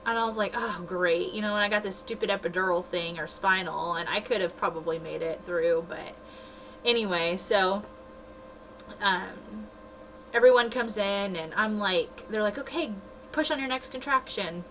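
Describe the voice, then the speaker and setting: A woman's voice: medium pitch, moderate pace, fairly bright tone, a little hiss or hum, rough recording. A young woman casually telling her own birth story to a camera, chatty and filling her talk with "like" and laughter. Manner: chatty, laughs often, frequent "like" fillers.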